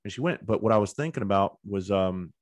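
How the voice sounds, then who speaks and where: Podcast host, man, quick blunt delivery with plenty of swearing, dry close mic. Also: fairly low pitch, no room sound. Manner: blunt, profane, emphatic storytelling. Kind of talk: casual interview chat.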